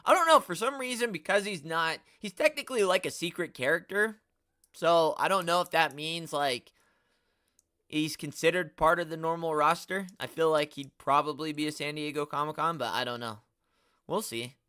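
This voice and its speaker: A young man hosts a casual toy collecting live stream, his voice high-ish, bright, and forceful at a normal speed. He rambles in slang and grows exasperated while reading and answering chat, in a dry, studio-quality recording.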